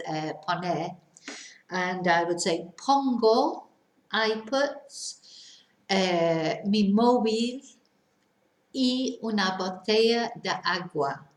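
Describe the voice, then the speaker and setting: Female language teacher, unhurried and clear, recorded in a reverberant room. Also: medium pitch. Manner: models sentences slowly and clearly, then translates. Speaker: Spanish teacher. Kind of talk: slow language lesson. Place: lives in a Spanish village. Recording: echoey room.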